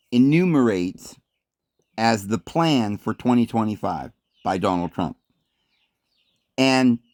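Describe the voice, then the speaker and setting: Man, video commentator, sardonic, rambling, very animated pitch, dry close sound. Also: no echo.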